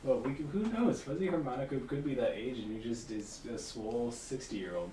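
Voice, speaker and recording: A joking man chats casually on a painting stream. He sounds set back from the mic in an echoey room with steady ambient noise behind him. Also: mid-range voice, brisk. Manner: playful, joking, breaks into silly voices. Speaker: co-host of a painting livestream. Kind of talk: casual chat. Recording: roomy, distant mic, noisy ambience.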